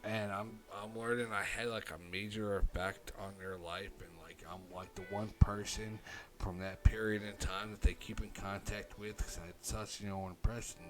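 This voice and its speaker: A man streaming alone, talking through his thoughts in a rambling, halting way, often swearing and putting on a southern drawl. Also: lowish voice, level tone. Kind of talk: casual live-stream monologue. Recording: loud music behind the voice.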